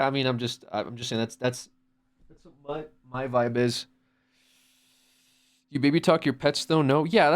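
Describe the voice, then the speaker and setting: Male streamer, casual rambling chat, middle pitch, profanity, frequent restarts. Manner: rambling, swears a lot, many restarts.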